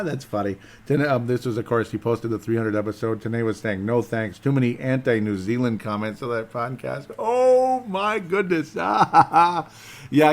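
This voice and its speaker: A man hosting a casual solo podcast in a rambling, jokey, self-deprecating way. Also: mid-range voice. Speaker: podcast host.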